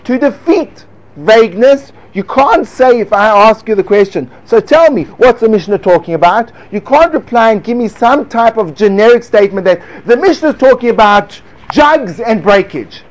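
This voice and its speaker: A man with a fairly high voice gives an earnest, hands-on lecture on teaching Talmud to a small group. He talks as if demonstrating each point, and now and then drifts into a sing-song study chant. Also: lively intonation, moderate pace.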